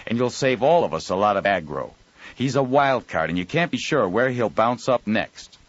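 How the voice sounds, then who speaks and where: A man voicing a hot-tempered male storesman who shouts curses in a rapid, slurred voice. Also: on the low side, animated, no room sound, muffled recording, voice pushed up. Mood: grumbling.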